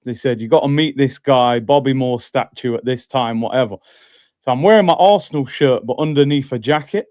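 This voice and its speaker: A man's voice: mid-range voice, a little fast, darkish tone, no echo, dull audio. A man, a podcast co-host telling a self-mocking story in casual chat, often laughing.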